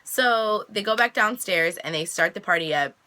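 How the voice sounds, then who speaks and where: A young woman casually recapping a TV episode, chatty and animated, jumping high in pitch when she quotes the characters. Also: normal speed. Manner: chatty, animated quoting with big pitch jumps. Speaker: reaction vlogger recapping an episode.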